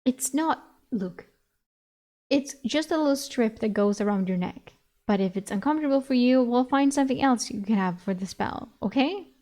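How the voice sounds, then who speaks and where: An exasperated young heroine trading incredulous retorts, as a woman reads her lines. Her voice sits fairly high and her comebacks come quick. This is a storybook reading, not a full performance. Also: lively intonation, dark tone, close to an everyday voice. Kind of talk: reading a novel aloud with voices.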